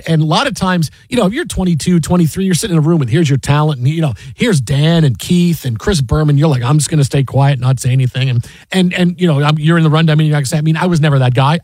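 A man co-hosting a sports talk show, reeling off an anecdote at a rapid clip. His voice sits a little high, and he stumbles and restarts as he goes. The sound is close and dry. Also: lively intonation, a little mellow, dry recording. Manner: rapid, with many restarts and acted quotes. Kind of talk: casual storytelling.

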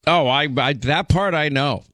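A man's voice: on the high side, a bit bright, no room sound. Radio host guy joking around w his cohost, playful, dry booth sound. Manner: playful, teasing, quick back-and-forth. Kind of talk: talk radio banter and ad read.

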